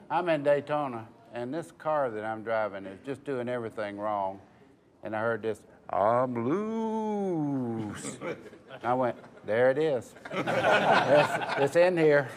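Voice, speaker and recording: An older man, a retired stock car driver, telling a funny racing story in a slow, wry way. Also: mid-range voice. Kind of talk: casual storytelling.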